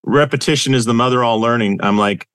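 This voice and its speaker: A man hosting an interview podcast, chatty and relaxed, with lots of fillers and casual swearing. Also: medium pitch, fast talker, clean tone, dry recording, clean studio sound. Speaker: podcast host.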